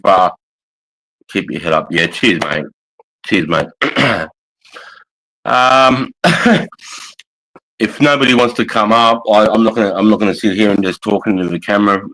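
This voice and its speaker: A laid-back Australian man with a lowish voice hosts a casual livestream from his couch. He talks in a loose, sweary way, calling everyone mate. He sounds middle-aged. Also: moderate pace, a bit bright, rough recording. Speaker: livestream host. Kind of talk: casual live chat. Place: at home on a couch.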